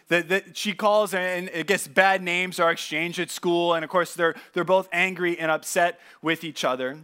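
A pastor giving a conversational sermon, telling stories casually with asides and repeated words. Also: male voice, sits high, steady tone, moderate pace, pushed and bright, clear, resonant tone.

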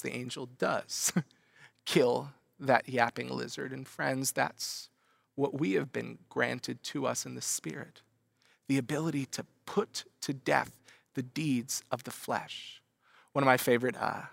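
A male pastor preaching a sermon in an animated storytelling manner. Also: medium pitch, creaky, no room sound, studio quality.

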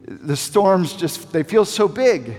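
A man delivering a sermon in a fairly high voice, building to emphatic runs and then easing into quiet, deliberate repetition. His words ring out with the long reverb of a large church sanctuary. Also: big pitch swings. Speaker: preacher.

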